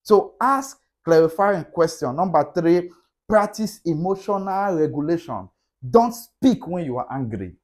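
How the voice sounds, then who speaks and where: A man's voice: a little high, animated, a little slow. A middle-aged man giving a motivational talk on relationships, repeating key points with a preacher-like cadence. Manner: repetitive, emphatic, preacher-like cadence. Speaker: relationship speaker.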